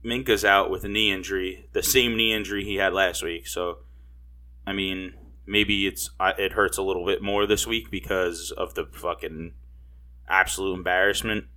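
A man's voice: sits low, steady tone, normal speed, sharp tone. A man co-hosting a casual sports podcast, heated and swearing often, restarting his sentences. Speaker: podcast co-host.

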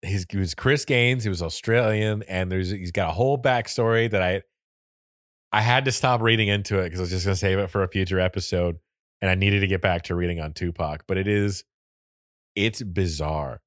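A man's voice: deep voice, steady tone, brisk, fairly bright tone, dry recording, clean studio sound. A man from Florida with a Florida accent, co-hosting a podcast in casual, rambling chat and laughing often. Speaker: podcast co-host.

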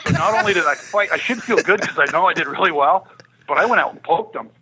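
A middle-aged man tells a story at a quick clip in a bright, slightly husky voice, laughing as he goes and acting out the lines of the people in it. His tone is animated and conversational. The sound is a bit lo-fi. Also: fairly high pitch. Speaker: guest storyteller, former hockey player. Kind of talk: casual storytelling on a podcast.

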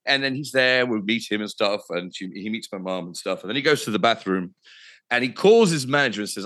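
A man's voice: lowish voice, expressive, fairly quick, a bit bright. A man, a radio presenter telling anecdotes casually, swearing freely and laughing at himself. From England.

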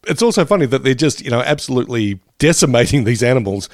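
A man's voice: mid-range voice, expressive, quick pace, a little mellow, no echo, clean studio sound. A man co-hosting a podcast in casual chat, laughing often and swearing freely. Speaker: podcast co-host.

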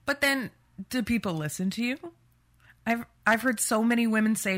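A woman's voice: fairly high pitch, moderate pace, a bit bright. A woman from Canada co-hosting a podcast for a sexual assault centre, steering the casual conversation with short agreements and "Okay?".

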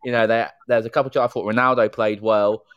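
A man's voice: mid-range voice, level tone, fast talker, smooth, no room sound, lo-fi sound. A man calling in to a casual football podcast, giving his opinions fluently with lots of "you know" fillers.

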